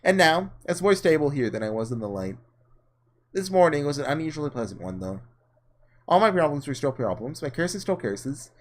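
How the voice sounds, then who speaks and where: A man's voice: fairly high pitch, sing-song, fairly quick. A man reading a weary young woman narrator. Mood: reflective.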